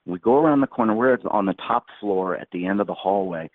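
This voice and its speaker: Speaking fast in a lowish voice, this sixty-something podcast interviewee rambles through a vivid, lengthy story and performs the quoted lines. The audio comes over a tinny, phone-like line without echo.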